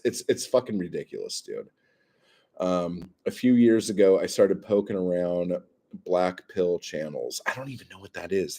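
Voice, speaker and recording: A man with a lowish voice rants on a livestream. He swears freely and sounds exasperated. His pitch swings widely, and he takes his time. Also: darkish tone. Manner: profane, exasperated ranting. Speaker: livestream host reading chat comments. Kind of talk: heated livestream rant.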